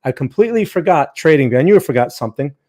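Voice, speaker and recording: A man talks casually into a desk mic while hosting a live trading stream. His voice sits a little higher than most men's. He greets viewers by name and restarts his sentences often. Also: lively intonation, very fast, mellow.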